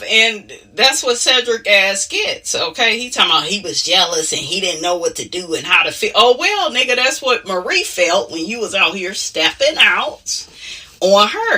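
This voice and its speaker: A sassy woman recapping reality TV in a casual, outspoken way, her pitch swinging widely as she talks. Her voice is bright but a little husky, and she sits slightly back from the mic. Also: recorded from a distance. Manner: sassy and outspoken, with many asides of "honey" and "okay?". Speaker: reality TV commentator.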